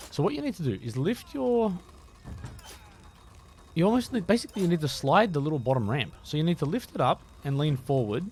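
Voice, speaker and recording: A man's voice: a little high, slight background noise. A man streaming a game live, chatting with viewers and giving a tutorial, thinking aloud and poking fun at himself.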